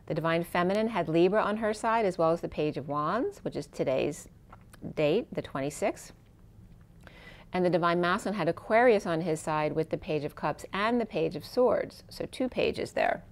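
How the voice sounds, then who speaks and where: Soft-spoken tarot reader, fading voice. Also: female voice, lowish voice, expressive, moderate pace. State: losing her voice. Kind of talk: spiritual tarot reading.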